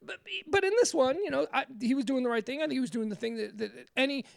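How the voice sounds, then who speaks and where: Creaky-voiced woman hosting talk radio. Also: high-pitched, quick pace, no room sound. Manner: animated storyteller, acts out quotes. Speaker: radio show host. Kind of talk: casual talk radio chat.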